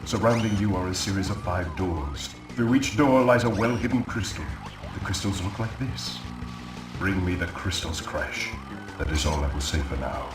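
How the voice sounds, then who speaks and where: A scheming mad-scientist villain from a video game, all silky, theatrical courtesy with a threat underneath. His low voice swoops up and down with relish. He sounds distant, in a roomy, echoing space, with game music playing behind him. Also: lively intonation, moderate pace. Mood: sly menace. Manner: smooth, theatrical, menacing politeness.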